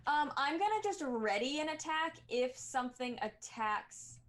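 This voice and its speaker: A woman's voice: sits high, animated, measured pace, a little hiss or hum. A woman playing a tabletop game, speaking tentatively and restarting her sentences. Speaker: player. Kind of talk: casual tabletop play.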